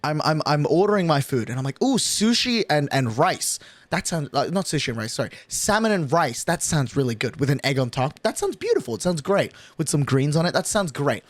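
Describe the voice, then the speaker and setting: A young man streamer telling a story in casual chat, animated and swearing a lot, from his bedroom at night. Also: on the high side, fairly quick, hardly any pauses, dry recording. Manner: animated, swearing, excitable rant.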